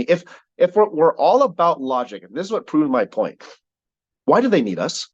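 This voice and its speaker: A man's voice: fairly high pitch, moderate pace, dry recording. Fired-up man on a dull call line. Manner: energetic, repetitive, preacher-like cadence. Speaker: sales team leader. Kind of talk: motivational call talk.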